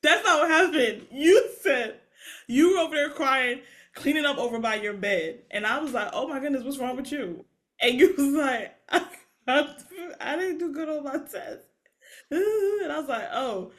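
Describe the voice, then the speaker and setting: A young woman co-hosts a podcast, telling stories animatedly in casual chat and laughing a lot. She speaks in a high voice at a moderate pace.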